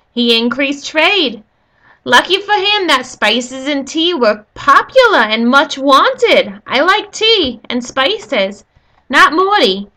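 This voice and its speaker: A woman's voice: high-pitched, sharp tone. A woman giving a casual, rambling history lesson, full of jokey asides to her viewers. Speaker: history video host.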